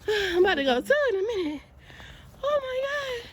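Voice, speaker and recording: Filmed on a handheld phone camera in a snowy parking lot, this woman from Georgia in the US chats and laughs through a casual outdoor vlog. Her voice is very high-pitched and sing-song at a normal speed, and she sounds cold and slightly winded.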